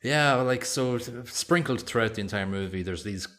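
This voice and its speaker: A man's voice: mid-range voice, normal speed, fairly bright tone. A man co-hosting a podcast, chatting casually and rambling with lots of fillers. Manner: rambling, hesitant, many fillers. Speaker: podcast co-host. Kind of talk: casual chat.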